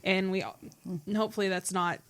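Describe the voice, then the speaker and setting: Host: woman, mid-pitched, casual and wry, keeps the chat moving. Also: steady tone, brisk, clean tone. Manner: easygoing, joking, asks questions. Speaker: podcast host.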